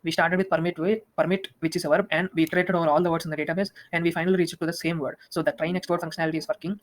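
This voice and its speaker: A young man walking through a software demo, talking quickly with many restarts. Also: fairly high pitch, low-quality recording. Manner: fast, flat, with frequent restarts and fillers. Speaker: student presenting a project demo.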